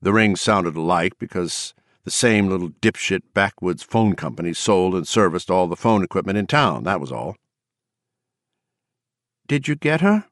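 A man narrating an audiobook in a steady, even reading voice. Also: low-pitched, normal speed, few pauses, no room sound, clean studio sound.

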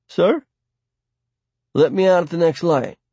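Narrator doing a jumpy scheming bus guy, talks himself into it, husky and dry. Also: medium pitch, slow, no echo, dull audio, voice pushed up, heavily acted. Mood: urgent. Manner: talking himself into a calm excuse. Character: anxious, scheming male bus passenger. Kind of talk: audiobook character voice.

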